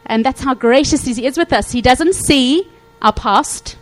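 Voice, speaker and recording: A woman preaching a sermon to her congregation, animated, acting out Bible quotes and checking in often with her listeners. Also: sits high, unhurried, slight background noise, poor audio. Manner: animated, acts out quotes, frequent "okay?" check-ins.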